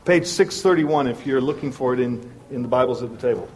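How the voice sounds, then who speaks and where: Brisk and medium-pitched, a pastor from Southern California delivers his sermon by animatedly narrating a story and performing each character's voice.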